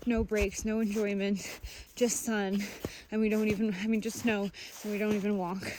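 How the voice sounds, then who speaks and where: A woman's voice: mid-range voice, level tone, moderate pace. Frustrated woman venting on a mountain trail. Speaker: long-distance hiker vlogging. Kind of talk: candid vlog to camera. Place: outdoors on a mountain trail and campsite. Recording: outdoor noise behind the voice.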